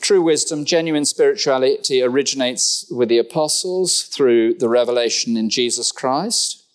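A middle-aged man preaching from the pulpit. His delivery is conversational and animated, full of rhetorical questions and dry, humorous asides. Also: mid-range voice, moderate pace. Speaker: pastor. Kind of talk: sermon.

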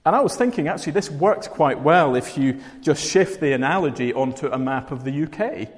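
A man's voice: fairly high pitch, lively intonation, a little fast. A Scottish man giving a sermon in a conversational way, with dry humour. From Scotland. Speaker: preacher. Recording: long hall reverb.

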